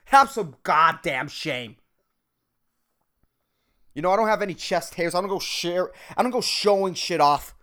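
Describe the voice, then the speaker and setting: A man's voice: sits high, animated, a little slow, long pauses, pushed and bright. A man in his thirties hosting a solo podcast, rambling and swearing, jumping from topic to topic and calling the listener "dude.". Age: 30s. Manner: rambling, profane, says "dude" and "man" constantly; jumps between topics, self-mocking. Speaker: podcast host. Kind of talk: solo casual rant.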